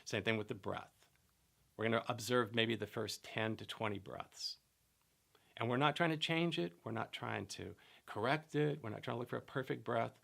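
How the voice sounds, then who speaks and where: A middle-aged man teaching in a calm, measured way, explaining a method with personal anecdotes. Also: medium pitch, vocal fry.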